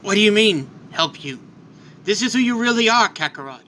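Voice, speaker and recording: A man's voice: sits high, expressive, fairly quick, pushed and bright, slight background noise. A man voicing an adult male warrior, an earnest and apologetic older brother. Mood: urgent.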